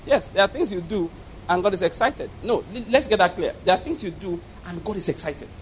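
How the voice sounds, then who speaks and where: A man preaching a humorous, animated sermon, often checking whether his listeners follow him. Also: high-pitched, fairly quick, a little hiss or hum. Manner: humorous, animated storytelling, asks the congregation questions.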